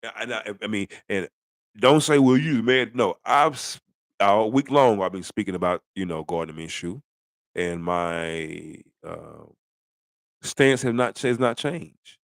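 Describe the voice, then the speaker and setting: A lowish, slightly slow voice with vocal fry, recorded dry: a middle-aged sports commentator bluntly ranting about football. The casual, rambling rant is packed with rhetorical questions.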